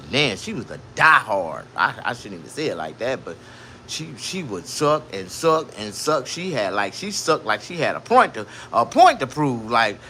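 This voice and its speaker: Male comic, brash and profane storyteller, very animated pitch, sharp bright tone. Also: normal speed, slight background noise. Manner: animated, with sudden jumps to a high voice. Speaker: comedian. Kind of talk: crude comedic monologue.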